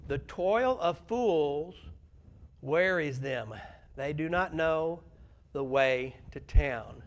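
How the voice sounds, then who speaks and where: Man preaching a conversational sermon. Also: a little high. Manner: conversational, asks the congregation questions. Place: church sanctuary.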